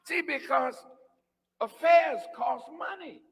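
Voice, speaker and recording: A man preaching a sermon, teasing and conversational, dropping to hushed asides and then rising to shouts. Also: very high-pitched, slow pace, creaky. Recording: long hall reverb.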